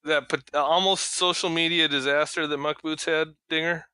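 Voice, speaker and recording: Bright-voiced man rambling on a podcast. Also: fairly high pitch, steady tone, normal speed, clear, resonant tone, no room sound. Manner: rambling, restarts and stumbles over words. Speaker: podcast co-host. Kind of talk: casual banter among friends.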